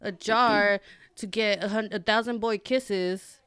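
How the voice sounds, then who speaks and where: A young adult woman hosting a podcast, telling a story in a loose, animated ramble with lots of fillers. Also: mid-range voice, slow pace, smooth, no echo, studio quality. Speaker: podcast host. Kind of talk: casual chat.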